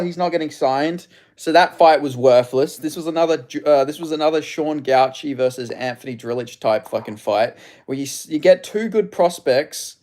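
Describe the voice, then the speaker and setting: Ranting man, fairly high voice. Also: darkish tone. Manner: ranting, indignant, heavy swearing. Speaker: streamer hosting a watch-along. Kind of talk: live stream reaction commentary.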